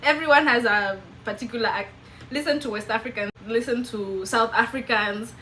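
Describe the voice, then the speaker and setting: A young Kenyan woman with a Meru accent, whose first language is Kimeru, chatting casually to camera in an animated way and laughing often. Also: a little high, moderate pace, a little hiss or hum, poor audio. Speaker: vlogger.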